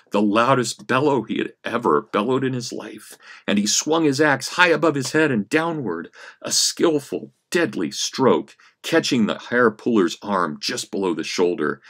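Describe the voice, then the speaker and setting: A history professor reading a story aloud in class, expressive, rising for action and dropping low for menace. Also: male voice. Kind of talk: dramatic reading of a story in a lecture.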